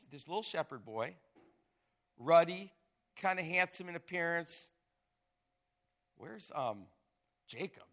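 A man preaching a sermon, reading scripture aloud with dramatic emphasis and animated asides. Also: on the high side. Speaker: pastor.

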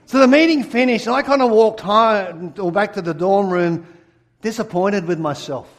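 A pastor telling a personal story in a sermon, animated and acting out his own replies. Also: sits high, normal speed.

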